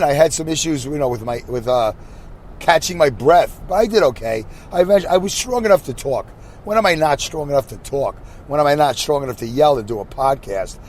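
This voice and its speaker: Chatty higher-voiced man talking to himself. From Brooklyn, New York. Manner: self-deprecating, talks to himself. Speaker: podcast host. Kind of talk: rambling solo monologue while driving. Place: inside a minivan on the highway.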